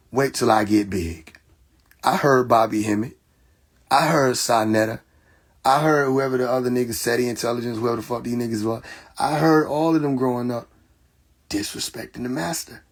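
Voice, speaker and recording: A young man hosting a casual livestream, talking emphatically with laughter, repetition and profanity, his voice hoarse. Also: mid-range voice. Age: young adult. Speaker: livestream host. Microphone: phone.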